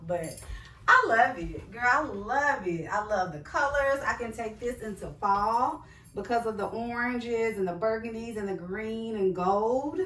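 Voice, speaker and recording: A woman's voice: fairly high pitch, a little slow, fairly bright tone, distant mic. A woman, chatting casually with viewers in a try-on haul and calling them girl and sis. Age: 40s. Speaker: fashion vlogger. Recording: echoey room, voice off-mic.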